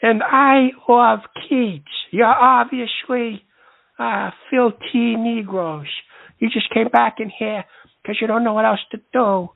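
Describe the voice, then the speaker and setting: Gravelly man hosting a call-in show. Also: very high voice, steady tone, slow. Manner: combative, insulting, rambling. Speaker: call-in advice show host. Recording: lo-fi phone-like line.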